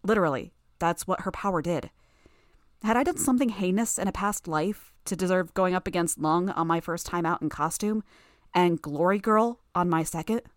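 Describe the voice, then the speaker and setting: A woman narrating a first-person novel in a tense, steady reading. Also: lowish voice, moderate pace, dry recording, clean studio sound. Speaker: audiobook narrator.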